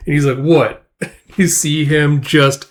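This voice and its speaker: A man's voice: a little high, little pitch movement, a little slow. A man casually recapping a comic, rambling with lots of "you see" and "it's like". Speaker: manga recap host.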